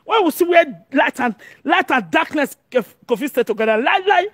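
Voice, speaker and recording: A Nigerian woman from Edo giving an animated monologue as an online commentator, excitable and often shouting and laughing. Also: high voice, moderate pace, no room sound, studio quality.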